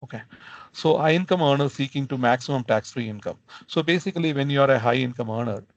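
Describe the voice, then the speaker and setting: A man presenting a financial planning webinar, explaining in a halting way and often checking in with "okay?". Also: medium pitch, dry recording. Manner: halting, adds "okay?" after points. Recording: dull lo-fi webinar audio.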